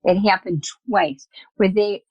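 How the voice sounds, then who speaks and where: A woman's voice: medium pitch, slow pace, slightly rough, no echo, lo-fi sound. Chatty woman telling stories, dry sound. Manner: lively, chatty, acts out quoted dialogue. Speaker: guest, spiritual medium. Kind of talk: casual storytelling in an interview.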